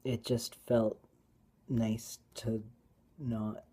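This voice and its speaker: A tearful woman sharing a personal Bible reflection in a halting, hesitant way, often dropping to a whisper. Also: a bass voice, little pitch movement, slightly rough. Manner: halting, hesitant, with many restarts; soft-spoken, often drops to a whisper. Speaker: vlogger.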